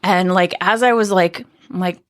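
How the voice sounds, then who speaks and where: A woman talks loosely on a podcast, filling her sentences with "like" and breaking into laughter as she tells stories. Her voice sits on the lower side for a woman. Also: steady tone, moderate pace, dry recording, studio quality. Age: adult, married. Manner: chatty, many "like" fillers, laughs while telling stories. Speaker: podcast co-host. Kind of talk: casual chat.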